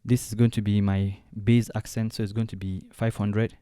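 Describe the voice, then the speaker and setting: Man, software tutorial walkthrough, mellow, dry close sound, thinks aloud. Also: on the low side, flat delivery, moderate pace, clear, resonant tone, no room sound. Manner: thinking aloud step by step, with fillers. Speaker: design tutorial host. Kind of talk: screen-recorded software tutorial.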